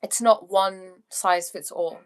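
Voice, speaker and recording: A young woman from England chats on her livestream in a relaxed, rambling way. Her voice sits in a middle pitch, and she drifts between thoughts as she answers viewers. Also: takes it slowly, clear, resonant tone. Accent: English. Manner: chatty, meandering, tries out French phrases. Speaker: livestream host.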